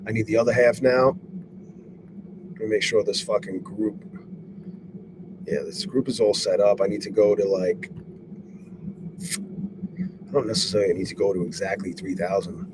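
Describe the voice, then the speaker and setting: A man on a live stream, swearing a lot and talking excitably while he reads out viewers' names and goes over his trades. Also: fairly low pitch, normal speed, pauses often. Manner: profane, excitable, shouts out chat viewers. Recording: steady background noise.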